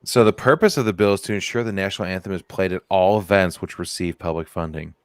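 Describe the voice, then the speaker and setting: A man's voice: deep voice, quick pace, clean tone, dry recording, studio quality. A man co-hosting a comedy podcast, chatting casually and sarcastically, with jokey mock-formal reading and swearing. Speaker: podcast co-host.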